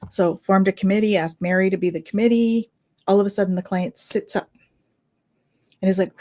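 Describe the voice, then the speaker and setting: A middle-aged woman, a Reiki healer and medium, casually telling a story in a chatty, animated way. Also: lowish voice, normal speed. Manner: chatty, animated, with fillers and laughs.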